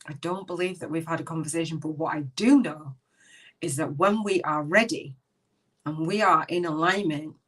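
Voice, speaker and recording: A woman's voice: low voice, normal speed, a bit bright, breathy edge, far from the mic, poor audio. A middle-aged woman hosts a live spiritual podcast, talking earnestly and emotionally in a loose, rambling way. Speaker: podcast host.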